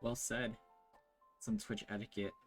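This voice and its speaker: A man's voice: fairly low pitch, little pitch movement, a little slow, soft background music. A man hosting a podcast, giving short encouraging replies to his guest. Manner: brief encouraging responses. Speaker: podcast host. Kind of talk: casual interview chat.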